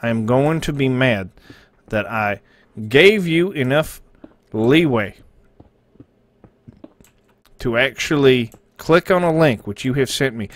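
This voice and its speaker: A man's voice: mid-range voice, animated, moderate pace, long pauses, no echo. A man hosting a live stream, reacting to viewer links with sarcastic, swearing commentary that sometimes turns mock-preachy.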